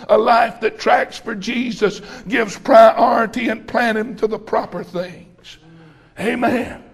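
A middle-aged man preaching a folksy, rousing sermon, often breaking into shouts. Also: extremely high pitch, steady tone, slow, vocal fry, slightly rough.

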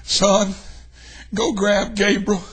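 An older man preaching a revival sermon in a church, telling folksy stories and swinging from hushed tones to shouting. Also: high voice, monotone, very slow, breathy edge.

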